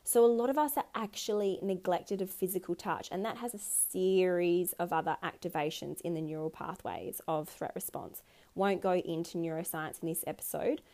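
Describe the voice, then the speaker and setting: An Australian woman hosting a podcast, talking casually about relationships in an energetic, playful way and swearing freely. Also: on the low side, moderate pace.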